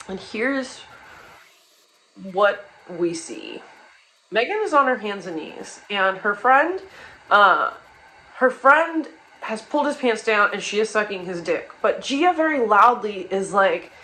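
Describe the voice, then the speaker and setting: A woman's voice: fairly high pitch, animated, a little slow, sharp tone, rough recording. A young woman telling a wild personal story in casual comedic style, rambling and profane, with many restarts and asides.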